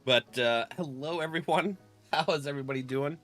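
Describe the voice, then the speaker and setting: A man chatting casually with viewers while streaming a game, laughing often and clearing his throat. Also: fairly high pitch, a little fast, a bit bright, faint music behind. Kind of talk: casual live-stream chat.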